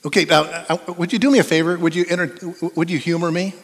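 A middle-aged pastor preaches a sermon in a church sanctuary, conversational and playful as he coaxes the congregation to join in. His voice is a little high, with fairly even intonation and a quick pace, and the recording carries long hall reverb.

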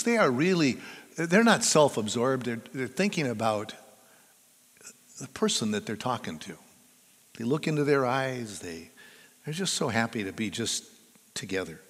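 An older man preaching as a pastor, telling stories in a chatty, conversational way and drawing the congregation in. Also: mid-range voice. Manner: conversational, chatty storytelling that draws the audience in. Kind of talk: sermon. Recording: long reverb of a large hall.

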